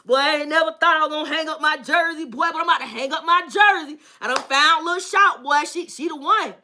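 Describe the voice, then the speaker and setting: A woman's voice: high-pitched, fairly quick, bright, forceful tone, a little hiss or hum. A woman voicing a smitten young man who brags to his friend on the phone in heavy slang. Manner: boastful, slangy, drawling.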